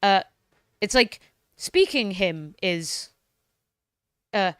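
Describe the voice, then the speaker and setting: A woman's voice: medium pitch, expressive, drawn-out words, fairly bright tone, clear, resonant tone, no echo, studio quality. A woman streamer chatting casually, cursing freely and sounding out words as she practises them. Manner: casual, swears freely, repeats phrases while learning. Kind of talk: casual chat.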